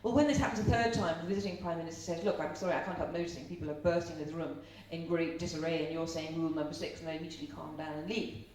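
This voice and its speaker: A middle-aged woman from Ireland speaks in a slightly low voice at a live seminar, telling stories and asking the audience questions. She sounds distant from the mic in a very echoey room, with a faint hum underneath. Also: steady tone, rapid-fire, hardly any pauses, a little mellow. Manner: chatty storyteller, asks the audience questions.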